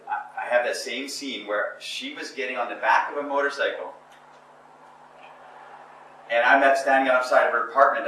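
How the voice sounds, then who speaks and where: A man's voice: mid-range voice, pushed and bright, recorded from a distance. A man telling embarrassing stories from his youth to a small group, self-mocking and acting out scenes, in a casual talk. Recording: echoey room, speaker away from mic.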